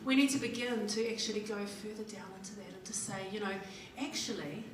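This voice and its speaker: A woman's voice: medium pitch, fairly quick. Middle-aged New Zealand woman, conference speaker, jokey storyteller, heard from a distance in a reverberant hall with room noise. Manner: chatty, jokey, acts out little dialogues. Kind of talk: humorous motivational talk. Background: audience laughing.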